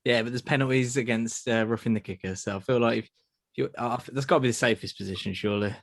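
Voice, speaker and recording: A man's voice: mid-range voice, fast. A man co-hosting a podcast in casual chat, teasing and wry.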